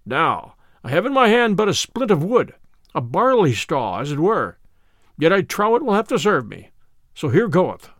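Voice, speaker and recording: A man voicing a big, boastful young yeoman who is slow to anger, speaking in hearty, old-fashioned words. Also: on the high side, sing-song, dry recording, studio quality. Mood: steady.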